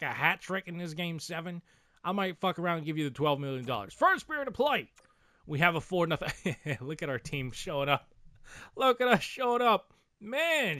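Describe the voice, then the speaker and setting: A man giving casual, excitable gameplay commentary, slurring his words after dental surgery and swearing casually as he hypes his team. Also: fairly high pitch, no echo. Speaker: gaming video creator.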